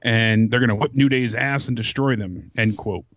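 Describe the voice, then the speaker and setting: A man's voice: mid-range voice, fairly even intonation, moderate pace, fairly bright tone, no room sound. Man co-hosting over dull, dry audio. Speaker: co-host. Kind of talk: casual remote commentary.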